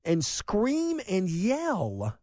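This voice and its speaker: Animated man hosting talk radio. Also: high-pitched, drawn-out words, no echo. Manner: animated, emphatic, sarcastic asides. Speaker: radio talk show host. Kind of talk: opinionated talk radio monologue.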